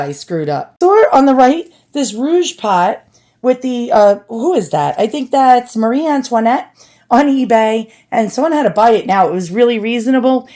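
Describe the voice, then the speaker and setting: A woman's voice: fairly high pitch, darkish tone. A woman casually chatting through an antiques unboxing, self-deprecating and full of "like" fillers. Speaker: antiques vlogger.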